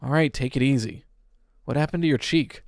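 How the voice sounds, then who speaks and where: Narrator as a reassuring middle-aged teacher, gentle and steady. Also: male voice, mid-range voice, a little fast, no echo, clean studio sound, pitched above the performer's own voice, natural voice. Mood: soothing. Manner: soothing, reassuring. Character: calm concerned male teacher.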